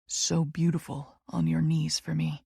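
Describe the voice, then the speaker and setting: A woman voicing a dominant, teasing young man in an audiobook, speaking low, slow and commanding. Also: level tone, vocal fry, warm tone, slightly rough, no room sound, studio quality, heavily acted. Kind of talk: audiobook character voice.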